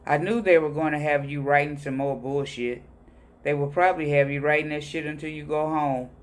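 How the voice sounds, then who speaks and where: A man reading personal letters aloud in a plain, unhurried voice. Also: a little high. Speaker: reader of letters.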